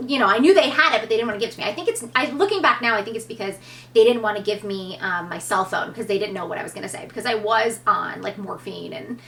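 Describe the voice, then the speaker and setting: A woman in her thirties telling a personal story to camera in a candid, animated way, acting out what people said. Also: medium pitch, distant mic. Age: 30s. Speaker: vlogger.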